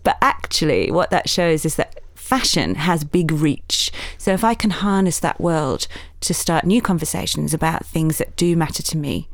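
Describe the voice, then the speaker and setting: A woman author with a somewhat low voice speaks in a conversational interview. She is earnest and lively and tosses in self-mocking asides. The recording is close and dry, with no room sound. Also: moderate pace, few pauses, dry recording. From Yorkshire, England. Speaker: author and journalist, interview guest.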